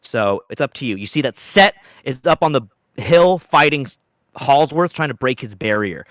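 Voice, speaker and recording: A man running a tabletop game as game master, narrating dramatically with sudden loud outbursts. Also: mid-range voice, expressive, normal speed, no room sound.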